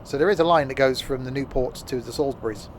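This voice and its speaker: A man's voice: medium pitch, fast talker, a little hiss or hum. Rambling man streaming a game. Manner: rambling, jokey, often trails off mid-sentence. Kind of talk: casual gameplay commentary.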